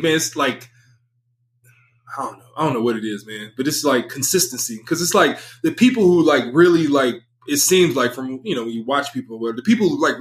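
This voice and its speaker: A young man is a guest on a casual podcast. His voice sits slightly high. He rambles and leans on fillers. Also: fairly bright tone. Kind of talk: casual chat.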